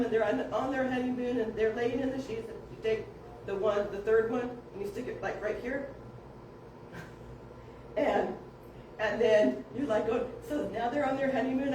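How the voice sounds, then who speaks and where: A woman casually telling family stories, animated, acting out voices and laughing often. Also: fairly high pitch, noisy background. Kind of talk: casual storytelling. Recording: echoey room, distant mic.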